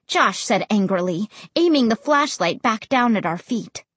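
Husky-voiced woman narrating an audiobook. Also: medium pitch, measured pace, dry recording. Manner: expressive storytelling. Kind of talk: first-person audiobook narration.

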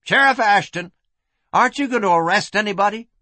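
A man doing a sharp-tongued saloon madam. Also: high-pitched, lively intonation, brisk, dry recording, pitched above the performer's own voice, exaggerated voice. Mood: indignant.

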